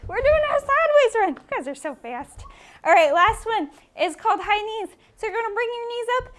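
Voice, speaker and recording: A woman's voice: very high voice, lively intonation, moderate pace, a bit bright. A woman teaching preschoolers, leading them in movement games and cheering them on while she moves along with them. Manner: playful, cheering kids on while moving along. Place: indoor room with small children.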